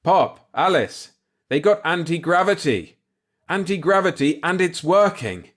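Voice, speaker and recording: A man's voice: sits high, slow pace, voice pushed up. A man doing a weary killer gone giddy with hope. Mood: elated. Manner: excited, near-shouting lists. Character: weary male killer, suddenly elated.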